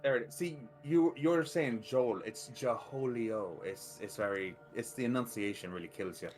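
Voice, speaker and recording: A man playing a tabletop game who talks in an animated way, often restarting and swearing casually. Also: mid-range voice, normal speed. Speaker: player.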